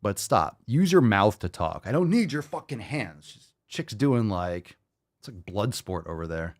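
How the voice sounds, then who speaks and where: A podcast host reacting to videos with sarcastic, profane commentary and mocking asides. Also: male voice, fairly low pitch, big pitch swings, unhurried, no room sound, studio quality.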